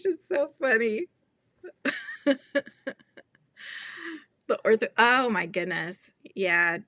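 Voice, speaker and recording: Female livestream host with a bright, crisp, somewhat high voice, giggly and chatty. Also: lively intonation, extremely slow, long pauses, no echo. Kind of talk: casual livestream chat while crocheting.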